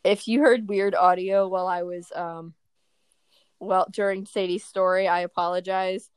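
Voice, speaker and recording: A woman co-hosting a podcast in relaxed, casual chat who reacts quickly to her co-host's stories. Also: medium pitch, smooth, no echo. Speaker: podcast co-host.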